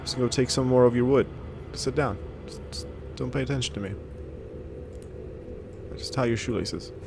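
A man's voice: mid-range voice, moderate pace, over music. A man giving casual, jokey commentary while he plays a video game, talking back to the characters and reading the game text aloud. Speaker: gaming video creator. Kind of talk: casual let's play commentary.

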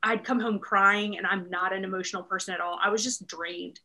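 A woman's voice: mid-range voice, fairly even intonation, brisk, pushed and bright. A woman in her thirties from Maryland, chatting in an interview about her work as a real estate team leader, upbeat and full of laughs and fillers. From Maryland, USA. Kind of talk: casual interview chat.

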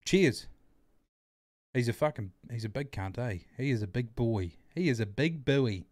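A man's voice: medium pitch, lively intonation, a little slow, darkish tone, no room sound, clean studio sound. A man hosting a casual livestream, bantering crudely, greeting his chat and repeating himself as he plays. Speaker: livestream host.

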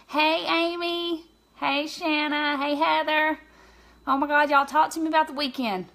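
A woman's voice: high voice, fairly even intonation, a little slow, vocal fry, fairly bright tone. A woman hosting a casual makeup live stream, chatting openly and greeting her viewers by name as she goes. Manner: emotional, open about feelings.

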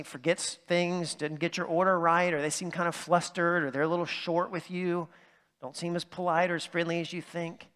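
A man with a slightly high, bright voice preaches in a church sanctuary, where a long reverb trails each phrase. His sermon has a conversational feel, and he keeps checking in with asides like "right?"

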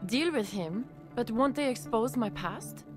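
A woman's voice: fairly high pitch, animated, measured pace. Worried doctor lady with an accent, earnest, music under it. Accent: foreign-sounding accent. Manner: anxious, earnest. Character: woman doctor running a clinic, worried and blackmailed.

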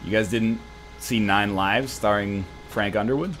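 A man's voice: fairly low pitch, a little slow, a bit bright, slight background noise. A man giving casual, jokey commentary while playing a video game, drifting off into rambling tangents. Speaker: let's play host.

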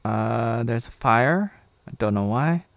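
Rambling man in his thirties, mid-pitched. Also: expressive, slow pace, gravelly, no echo. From USA (Oregon). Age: 30s. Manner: meandering, talks to himself, chuckling asides. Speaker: vlogger reviewing a TV episode. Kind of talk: casual rambling review.

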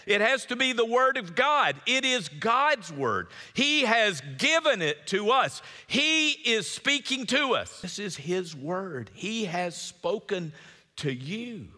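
A middle-aged man preaching a sermon as pastor, emphatic and repetitive, swinging between loud exhortation and hushed earnest tones. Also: high voice, big pitch swings, takes it slowly. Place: church sanctuary. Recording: long church reverb.

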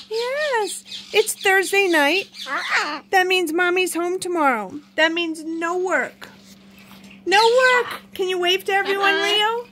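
A woman's voice: very high voice, animated, a little slow, noisy background. A woman vlogger at home, chatting in sweet baby talk to her pet birds and laughing often. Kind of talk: casual chat with pets and viewers.

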